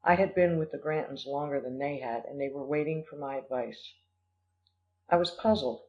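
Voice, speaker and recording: A man reads an audiobook aloud in a measured, expressive storytelling style. His voice sits somewhat high, and the recording sounds dull and lo-fi. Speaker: audiobook narrator. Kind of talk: audiobook reading.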